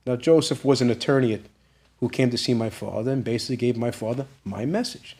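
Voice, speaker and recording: A man's voice: mid-range voice, fast, darkish tone, breathy edge. A man as an interview guest, telling an emotional story and acting out the quoted dialogue with growing intensity. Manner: retells events with acted-out quoted dialogue, growing intense and emphatic.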